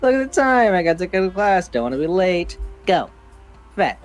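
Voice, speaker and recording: A woman's voice: lowish voice, sing-song, moderate pace, soft background music. A woman voicing a smug, mocking male school bully in a game reading. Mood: bored. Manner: mocking, sardonic.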